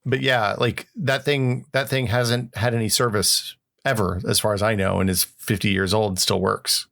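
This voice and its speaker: Low-voiced man explaining with examples. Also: steady tone, normal speed, creaky, fairly bright tone. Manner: thoughtful, explains with examples, frequent restarts. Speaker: podcast co-host. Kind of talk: casual tech chat.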